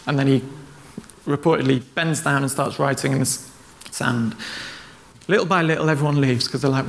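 A man's voice: mid-range voice, brisk, creaky, long pauses, slight background noise. A man preaching a sermon, retelling stories in a conversational way and acting out the quoted lines.

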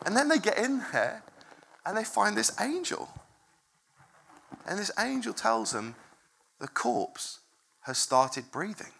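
Animated, bright-voiced preacher. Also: mid-range voice, slow pace, gravelly, long pauses, slight background noise. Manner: animated, chatty, self-interrupting, laughs often. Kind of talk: informal sermon storytelling. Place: room with a congregation.

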